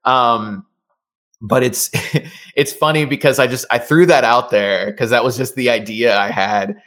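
A man's voice: medium pitch, fairly even intonation, unhurried, fairly bright tone. A man, a voice actor, chatting casually as an interview guest with many fillers and restarts.

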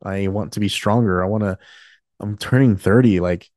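A man's voice: fairly low pitch, normal speed, a little mellow, dry recording, clean studio sound. A man in his late twenties hosting a podcast, talking candidly in a rambling, casual way with many fillers and restarts. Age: 20s. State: emotional, choked up. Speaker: podcast host.

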